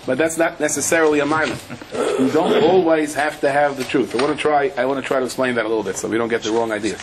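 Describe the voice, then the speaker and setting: A rabbi teaching a Torah class, telling stories with animation and acting out the people in them. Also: male voice, mid-range voice, a little hiss or hum. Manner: animated storytelling, acts out the people in his anecdotes.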